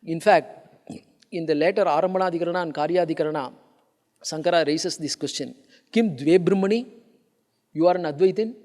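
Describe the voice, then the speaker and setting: In a conference hall with long reverb, a man lectures on philosophy in a slightly high, steady, somewhat mellow voice at a quick pace. He explains and stresses points, often repeating and restarting phrases.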